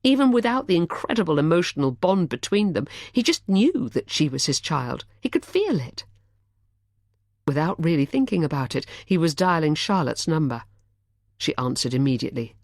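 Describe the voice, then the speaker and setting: Low-voiced woman reading an audiobook. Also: dry recording, studio quality. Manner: expressive, measured storytelling. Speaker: audiobook narrator. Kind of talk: scripted audiobook narration.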